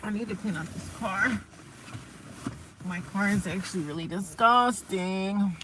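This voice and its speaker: A woman's voice: mid-range voice, a little slow, very noisy. A woman rambling casually on a livestream from inside her parked car, repeating herself and calling her viewers y'all and honey, recorded on a phone. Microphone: phone camera.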